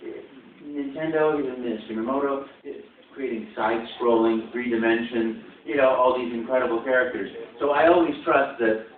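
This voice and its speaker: Animated man in an echoey convention hall. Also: mid-range voice, narrow, tinny audio. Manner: animated, acts out quoted voices, many restarts. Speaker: voice actor guest at a convention panel. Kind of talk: convention Q&A answers. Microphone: phone in the audience. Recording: phone-recorded in an echoey hall from far off.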